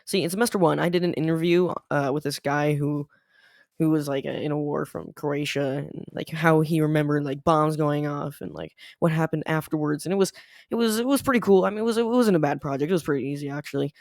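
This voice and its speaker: Fast-talking young man rambling over gameplay. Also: fairly high pitch, creaky, a little mellow, no room sound, clean studio sound. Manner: rambling, lots of "like" fillers. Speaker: gaming channel host. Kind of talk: casual storytelling over gameplay.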